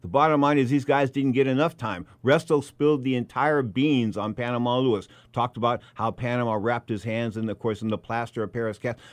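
A man's voice: medium pitch, steady tone, brisk, few pauses, no echo. A man hosting a boxing talk show, telling a story with emphatic repetition and bursts of anger. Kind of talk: animated radio talk show monologue.

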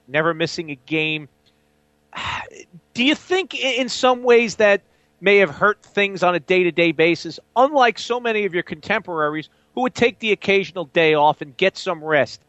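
High-voiced male radio host. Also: normal speed, a bit bright, dry recording, lo-fi sound. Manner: conversational, leading questions. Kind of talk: sports radio talk.

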